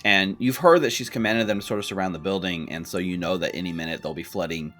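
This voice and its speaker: A man acting as game master narrates a tabletop role-playing scene, relaxed but hesitant, with frequent fillers and restarts. He has a low voice, talks fast, and faint music plays behind him.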